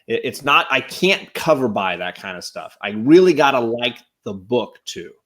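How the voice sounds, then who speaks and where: A man on a casual live stream, giving enthusiastic shout-outs to the chat as a guest co-host. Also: mid-range voice, lively intonation, moderate pace.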